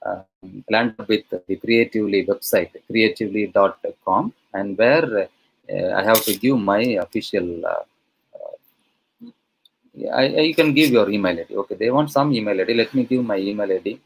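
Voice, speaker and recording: Male professor from India, lowish voice, chatty webinar lecturer who leans on fillers and "okay?". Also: normal speed, creaky, slightly rough, low-quality recording. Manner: conversational, many fillers, frequent checks with "okay?". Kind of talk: online teacher-training lecture.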